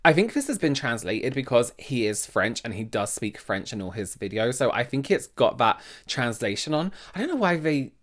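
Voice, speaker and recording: A man hosting a reaction video, talking casually and with animated surprise straight to his viewers. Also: medium pitch, moderate pace, few pauses. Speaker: reaction channel host.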